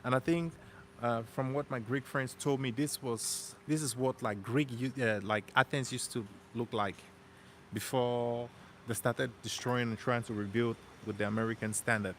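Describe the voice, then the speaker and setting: A man vlogging as he walks outdoors through a city neighborhood, telling stories in a relaxed, chatty way with plenty of slang and repeated phrases. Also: medium pitch, normal speed. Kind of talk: casual storytelling walk-and-talk. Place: outdoors on a city street, walking. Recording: street traffic noise behind.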